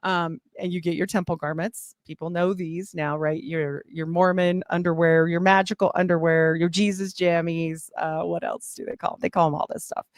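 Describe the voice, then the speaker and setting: Middle-aged woman telling her life story, chatty and frank, lower voice, dry recording. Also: flat delivery, moderate pace, few pauses, no echo. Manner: chatty and candid, with filler words. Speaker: guest sharing testimony. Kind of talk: personal testimony, casual storytelling.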